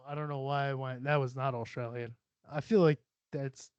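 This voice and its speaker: A man's voice: medium pitch, moderate pace, darkish tone, dry recording. A man hosting a podcast, chatting casually in a rambling, profane way and laughing often. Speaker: podcast host. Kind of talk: casual solo podcast chat. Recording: dull, lo-fi sound.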